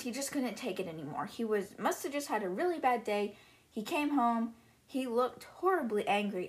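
A woman's voice: mid-range voice, fairly bright tone. Casual woman retelling a book. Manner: casual, filler-heavy retelling. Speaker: podcast host.

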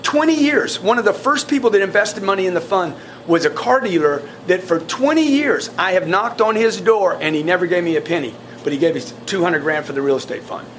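A high-pitched man gives his sales team a blunt talk in a meeting room, fired up and stumbling over restarts. A faint hiss of room noise sits under his voice. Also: fairly quick, hardly any pauses. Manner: blunt, animated, repetitive restarts. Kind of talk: coaching talk to staff.

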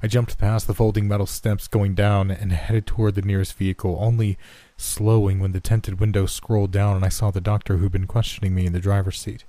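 A man narrating a first-person horror story in a measured, tense storytelling manner. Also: fairly low pitch, little pitch movement, dark tone, dry recording.

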